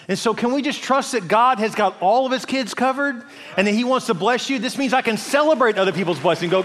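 A middle-aged man preaches in a high, bright-pitched voice, chatty and animated, slipping into playful asides. His words ring out with the long reverb of a large church hall. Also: fast talker, a faint crowd, a little hiss or hum. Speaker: pastor. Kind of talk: sermon.

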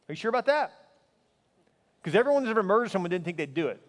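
A man preaching as a pastor, earnest and emphatic, often sinking to a quiet, intense tone. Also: high-pitched, very animated, rapid-fire, pauses often, big-room sound. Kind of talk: sermon.

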